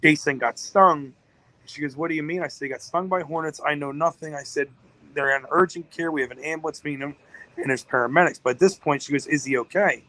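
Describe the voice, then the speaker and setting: A man with a bright, forceful voice tells a story on a podcast in a rambling, emotional way. His voice sits a bit high and sounds dry and close. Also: brisk, no room sound, poor audio. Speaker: business owner guest.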